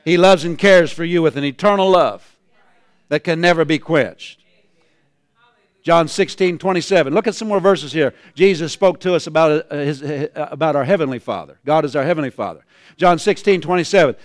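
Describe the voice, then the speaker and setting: A male pastor preaching a sermon, calling out to his congregation and building repeated refrains into shouts. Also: fairly high pitch, moderate pace, no room sound, studio quality. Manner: calls out to the congregation.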